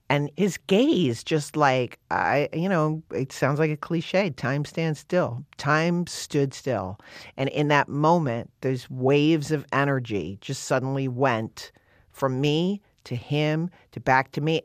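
A woman guest in an interview, telling a story in an animated, chatty way with lots of "you know" and "like". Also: low voice, dry recording, clean studio sound. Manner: animated and chatty, with many fillers. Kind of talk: casual storytelling.

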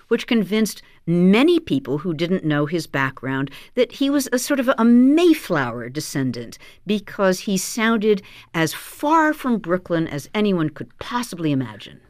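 A woman author being interviewed in a radio studio, telling stories in an animated way with frequent fillers. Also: mid-range voice, no echo. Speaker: author guest.

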